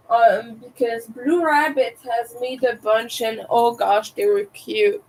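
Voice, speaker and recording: French-accented woman streamer, unhurried, slightly high voice, crisp T's. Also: fairly even intonation, poor audio. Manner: carefully overpronounces her T's. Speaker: crochet livestreamer. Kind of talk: casual livestream chat.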